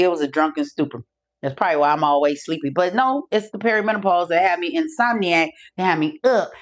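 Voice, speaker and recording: Animated, profane middle-aged woman storyteller. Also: low-pitched. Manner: animated, profane, acts out the other voices in her stories. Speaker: podcast host. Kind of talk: casual storytelling monologue.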